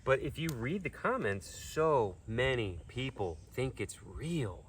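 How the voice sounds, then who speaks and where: Casting: exasperated man, mid-pitched, casual rant, slightly distant mic. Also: very animated, slow, husky. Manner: exasperated, ranting. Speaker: host. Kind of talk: casual chat.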